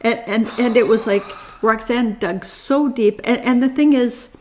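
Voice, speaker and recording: A woman's voice: on the high side, unhurried, a little hiss or hum. A middle-aged woman co-hosting a podcast in casual chat, enthusiastic, often restarting her sentences and asking "right?". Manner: enthusiastic, stammers and restarts, ends lines with 'right?'. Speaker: podcast co-host.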